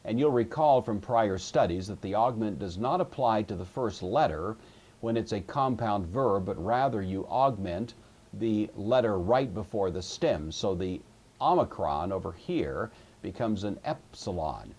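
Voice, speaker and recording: A man's voice: fairly low pitch, expressive, a little slow, darkish tone, slightly rough. A man teaching a recorded language lesson, explaining patiently and methodically with occasional fillers. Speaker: Greek teacher. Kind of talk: recorded classroom lecture.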